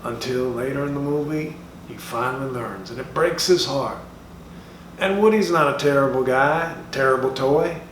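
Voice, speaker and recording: A man's voice: medium pitch, normal speed, fairly bright tone, slight background noise, natural voice. A man doing a comedic impression of a brash middle-aged comedian, who speaks to schoolchildren in a drawling, profane, taunting way. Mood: mock-serious. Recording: roomy sound from a distant mic.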